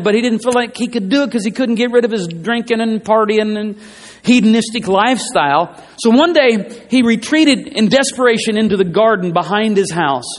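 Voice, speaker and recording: A high-pitched male preacher delivers an emphatic sermon and doubles back on his phrases to drive each point home. His voice rings out through the long reverb of a church hall. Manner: emphatic, repeats phrases, rising and falling delivery.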